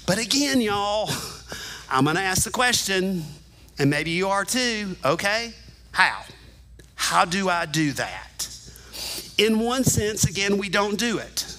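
A man's voice: sits high, lively intonation, slow, long pauses, sharp tone, poor audio. A male pastor preaching a sermon, teaching animatedly and speaking directly to the congregation in a church sanctuary.

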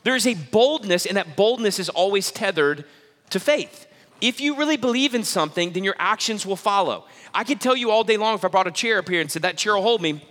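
A man's voice: sits high, lively intonation, a bit bright. Emphatic man preaching in a reverberant hall. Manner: emphatic, repeats key phrases, quick restarts. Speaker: pastor. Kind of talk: sermon.

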